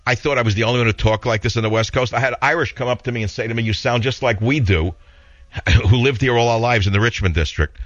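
A man's voice: mid-range voice, quick pace, no room sound, lo-fi sound. A man with a heavy New York accent hosting a talk radio show, opinionated and rambling in a blunt monologue.

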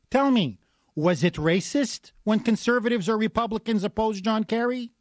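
A man hosting a combative political radio talk show. His voice sits high for a man and he sounds sarcastic and scornful throughout. The sound is close and dry, with no room around it. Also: no echo. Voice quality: sarcastic, scornful, mock gasps.

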